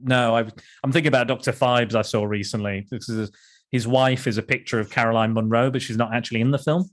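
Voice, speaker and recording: A man's voice: medium pitch, fairly even intonation, quick pace. A man co-hosting a podcast, chatting casually about old films with frequent restarts and chuckles. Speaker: podcast co-host. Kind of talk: casual film discussion.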